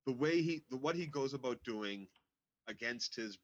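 A man with a mid-pitched voice co-hosts a casual TV recap, giving blunt opinions laced with heavy swearing. His voice sounds dry and dull, as if on a lo-fi mic. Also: animated, moderate pace, no echo. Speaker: podcast co-host.

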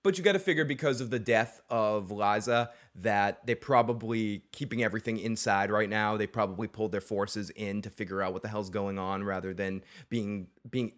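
A man co-hosting a casual recap discussion, rambling and acting out scenes in quick quoted voices. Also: on the low side. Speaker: podcast co-host.

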